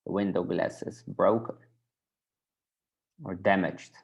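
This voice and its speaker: A man with a Dutch accent teaching a Dutch class online, patiently repeating words slowly for learners, with a native Dutch speaker's English. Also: deep voice, steady tone, vocal fry, dull audio.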